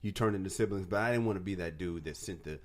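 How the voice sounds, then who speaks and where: Low-voiced man telling a lively story. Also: fast. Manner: animated storyteller, acts out quotes, laughs often. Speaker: podcast co-host. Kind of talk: casual chat.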